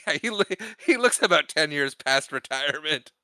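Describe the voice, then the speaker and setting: A young man chatting casually about a movie on a podcast, his voice bright and crisp. He acts out quotes from the characters and laughs his way through the retelling. The sound is dry and close. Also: fairly high pitch, lively intonation, normal speed, dry recording. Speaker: podcast co-host. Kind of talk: casual movie recap chat.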